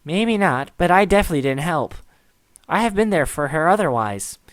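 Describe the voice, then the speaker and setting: A man voicing an anxious, guilt-ridden young man in a visual novel reading, sounding earnest and slightly raised in pitch. The sound is dry and close. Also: animated, normal speed, dry recording, close to an everyday voice. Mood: worried.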